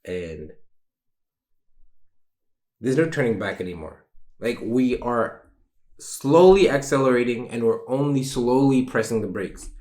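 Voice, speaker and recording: A man's voice: medium pitch, animated, measured pace, long pauses, a little mellow. A young man hosting a solo podcast, talking in a rambling, emotional, candid way and swearing casually. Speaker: podcast host. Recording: roomy echo.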